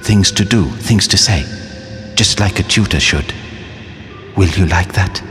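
A man voicing a proud, commanding male wind-up toy soldier who talks in a slow, coaxing, deliberate way. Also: sits low, fairly bright tone. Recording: reverberant audiobook with faint music.

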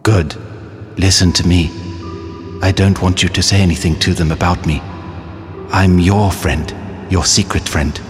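A man voicing a proud, commanding male wind-up toy soldier who talks in a slow, coaxing, deliberate way. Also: deep voice, steady tone. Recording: reverberant audiobook with faint music.

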